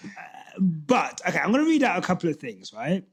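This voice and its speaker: Male co-host, bright and animated, lively pitch, chatty podcast read. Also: fairly quick, creaky, slightly rough. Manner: animated, laughing, reads posts aloud. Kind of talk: casual podcast chat.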